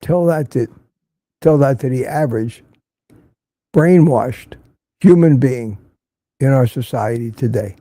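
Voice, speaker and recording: An older man runs a casual livestream, reading viewer comments aloud and offering blunt, opinionated takes he often repeats for emphasis. His mid-range voice moves at a measured pace with long pauses and a warm tone, recorded with no room sound.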